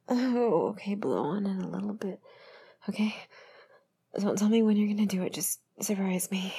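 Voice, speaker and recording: A young adult woman in a whispered role-play, speaking in breathy whispers and low murmurs, giving commands while chewing and sighing. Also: normal speed, warm tone. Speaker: audio role-play performer.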